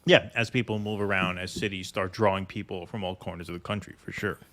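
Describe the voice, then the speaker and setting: A man hosting a casual political chat stream, brisk and matter-of-fact with a sardonic edge, reading viewer comments aloud. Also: deep voice, steady tone, fairly bright tone. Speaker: show host.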